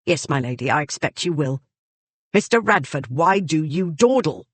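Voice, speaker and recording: A narrator voicing a fierce, loyal lady's maid who speaks bluntly and briskly in a storybook reading. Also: deep voice, lively intonation, slightly rough, no echo.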